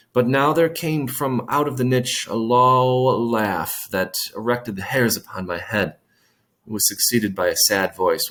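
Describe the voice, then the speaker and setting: A man's voice: fairly low pitch, a bit bright. A man reading a classic short story aloud, stopping to explain old words in plain terms and adding dry asides. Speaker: reader.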